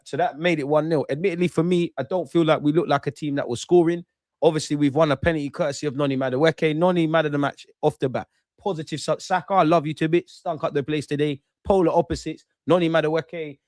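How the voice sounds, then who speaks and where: A young man hosts a football reaction stream, talking in slangy, animated bursts. His voice sits a little high and sounds close and dry on the mic. He swings between heated rants and calmer analysis of the match. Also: fast, no room sound. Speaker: football watchalong host. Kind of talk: casual post-match reaction.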